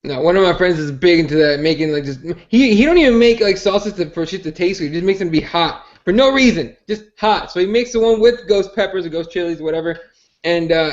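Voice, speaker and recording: Rambling, swearing high-voiced guy. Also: darkish tone, highs cut off. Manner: rambling, swearing, filler-heavy. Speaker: podcast co-host. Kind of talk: casual storytelling chat.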